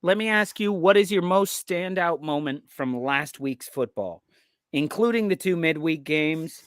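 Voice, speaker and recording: Casting: American man as live-show host, a bit high-voiced, loose and chatty, dry close sound. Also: lively intonation, measured pace, clean tone, no room sound. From United States. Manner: laid-back, rambling, reads out viewer comments. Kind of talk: casual live-stream chat.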